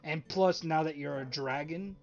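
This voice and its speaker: A man's voice: a little high, moderate pace, dull audio, faint music behind. A man playing a tabletop game online, talking casually and laughing often, with some swearing. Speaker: player.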